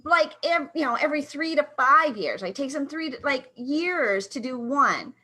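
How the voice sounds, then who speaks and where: A woman co-hosting a casual talk show, animated and chatty. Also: high voice, moderate pace. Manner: animated, many "like" fillers. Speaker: co-host. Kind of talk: casual chat.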